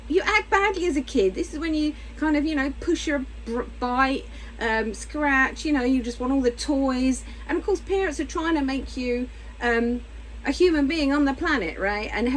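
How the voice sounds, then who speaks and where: Woman therapist, middle-aged, casual and frank to camera, very animated delivery, faint hiss behind her. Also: a little high, low-quality recording. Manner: candid, blunt, animated, acts out little voices. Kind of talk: casual explanatory talk to camera.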